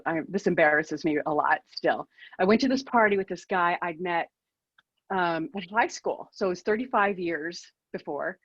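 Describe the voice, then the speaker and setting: A woman's voice: on the low side, normal speed, dry recording, lo-fi sound. A woman in her fifties, a keynote speaker, telling a personal story over a video call in a candid, self-deprecating way.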